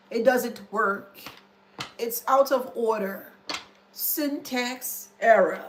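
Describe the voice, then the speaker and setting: Slow, drawn-out woman commentator. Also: fairly high pitch, a little hiss or hum. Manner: drawn-out, emphatic, spells words letter by letter; blunt and scornful, swears. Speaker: online commentator. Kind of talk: casual monologue to camera.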